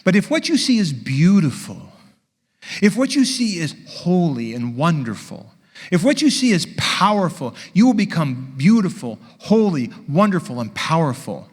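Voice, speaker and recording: A man preaching a sermon, telling a story with lively dialogue and acting out both sides. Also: a little high, moderate pace, husky, in a large hall. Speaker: pastor.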